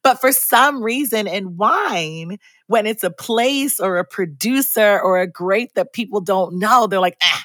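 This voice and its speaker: A woman's voice: medium pitch, animated, measured pace, hardly any pauses, fairly bright tone, no echo. A woman hosting an interview, chatty and enthusiastic, acting out little quotes as she talks. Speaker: podcast host. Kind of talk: casual interview chat.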